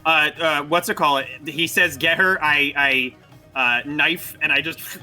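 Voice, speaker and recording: A man's voice: a little high, fairly even intonation, a little slow, sharp tone, soft background music. A man playing a tabletop game, rambling with many fillers. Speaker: player. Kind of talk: casual play at a tabletop game.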